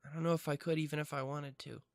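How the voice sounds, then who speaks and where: A man voicing a soft, spacey young art student girl. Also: mid-range voice, lively intonation, moderate pace, dry recording, pitched below the performer's own voice. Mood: whispered. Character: quiet dreamy young female art student.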